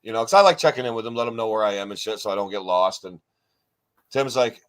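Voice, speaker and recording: A man's voice: fairly low pitch, fast. A man co-hosting a podcast, telling a long rambling story in casual chat, swearing often and acting out what others said. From New York State. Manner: rambling, profane, animated retelling. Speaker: podcast co-host.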